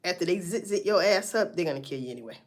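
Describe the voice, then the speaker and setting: A woman's voice: on the low side, lively intonation, fast talker. A woman doing casual livestream commentary, blunt and profane as she talks through a story. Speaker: livestream host.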